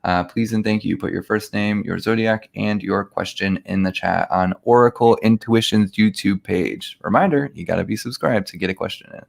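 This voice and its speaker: Gravelly man reading out chat questions. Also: fairly low pitch. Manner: brisk announcements, reads viewer questions. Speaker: producer and chat moderator. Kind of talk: live-stream moderation.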